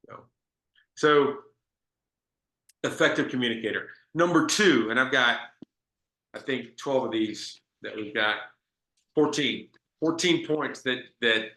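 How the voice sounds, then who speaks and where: A man's voice: mid-range voice, pushed and bright, roomy sound. A man giving a business sales training talk, telling stories in a conversational way with frequent restarts.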